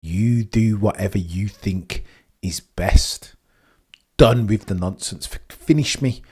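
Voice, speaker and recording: A man's voice: lowish voice, slow pace, a little mellow, breathy edge. A man voicing an irritated male racing driver grumbling dismissively over team radio. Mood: fed-up.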